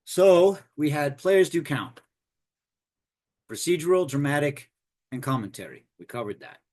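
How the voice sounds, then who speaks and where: A man teaching storytelling for tabletop games in a loose, animated, digressive way. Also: on the high side, unhurried. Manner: animated, digressive, conversational explaining. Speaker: game master teaching storytelling. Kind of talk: informal lesson.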